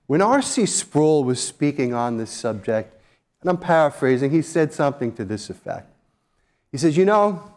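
A man's voice: fairly high pitch, a little mellow. A male pastor preaching a sermon in an earnest, emphatic way, repeating key phrases.

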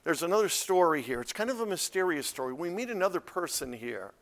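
A male pastor delivering an expository sermon in a fairly high voice. He builds to loud, emphatic peaks, then drops into quiet, low asides. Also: big pitch swings, quick pace.

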